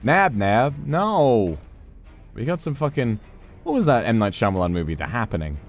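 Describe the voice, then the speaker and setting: Brief: male game streamer, expressive and sweary, mid pitch, faint music underneath. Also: fast talker. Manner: animated, swearing, yelling at the game. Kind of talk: live gameplay commentary.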